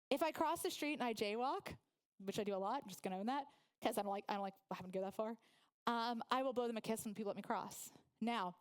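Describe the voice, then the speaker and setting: A woman in her forties from Oklahoma giving a humorous motivational speech, telling stories and laughing along with the audience. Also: fairly high pitch. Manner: lively storytelling, laughs with the audience. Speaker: guest speaker.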